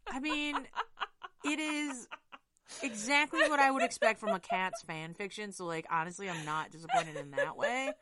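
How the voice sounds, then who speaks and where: A woman's voice: fairly high pitch, very animated, moderate pace, fairly bright tone. A woman co-hosting a comedy podcast, reacting in a wry, exasperated way. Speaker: podcast co-host. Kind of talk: casual comedic banter.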